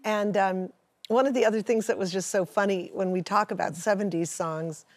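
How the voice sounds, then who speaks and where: A woman singer chatting as a guest, telling anecdotes in a lively, easy way. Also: mid-range voice, moderate pace. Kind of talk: casual chat interview.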